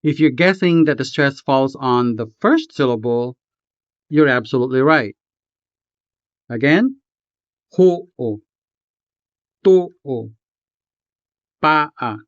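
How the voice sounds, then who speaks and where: A man narrates a pronunciation lesson at an unhurried pace, carefully breaking words into syllables. His voice is smooth and resonant. The recording is dry and close, with a slightly muffled, lo-fi tone. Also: medium pitch, dry recording. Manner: slow, deliberate, enunciating example words syllable by syllable. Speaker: language tutor. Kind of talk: scripted instructional narration. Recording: slightly dull, dry voice-over.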